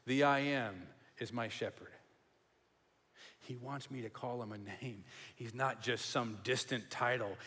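A man preaching a sermon as pastor, emphatic and repetitive, dropping to a hush on key words. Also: mid-range voice. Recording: long hall reverb.

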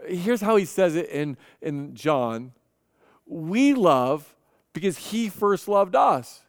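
A man's voice: high voice, sing-song, takes it slowly, no room sound, studio quality, long reverb tail. A man preaching a sermon, telling stories earnestly and often repeating his first word as he goes. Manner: earnest storytelling with frequent repeated starts. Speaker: pastor.

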